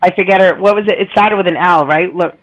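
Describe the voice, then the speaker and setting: A woman's voice: lowish voice, fast, highs cut off. Stream host: chatty woman, nasal tone, teases her guests and laughs easily. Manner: chatty, teasing, laughs often. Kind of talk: casual chat.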